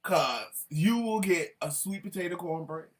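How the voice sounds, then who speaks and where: A woman co-hosting a casual chat show, telling stories in an animated, outspoken way. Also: lowish voice, measured pace, distant mic. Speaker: talk show co-host.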